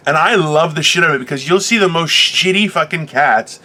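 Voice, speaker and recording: High-pitched guy co-hosting a loose morning chat, swears a lot, bright sharp voice. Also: fast, few pauses. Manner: profane, joking, animated rant; puts on silly voices when quoting people. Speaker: co-host. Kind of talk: unscripted casual chat.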